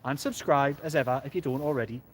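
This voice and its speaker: A jokey, rambling man hosting a fan live stream from the side of a football pitch. His pitch sits in the ordinary middle range, and a faint stadium hum runs under his phone-mic voice. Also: quick pace. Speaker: host of a football fan channel. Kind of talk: casual live-stream chat.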